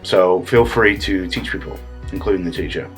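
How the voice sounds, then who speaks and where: A man's voice: low voice, moderate pace, slightly rough, soft background music. A man delivering a comedy monologue as a smug, self-important improv teacher, rambling with many fillers and restarts.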